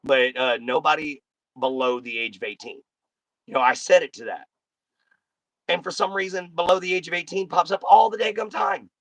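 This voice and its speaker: A man's voice: a little high, fairly even intonation, moderate pace, no room sound. A man hosting a casual live stream, talking bluntly and folksily straight to his chat.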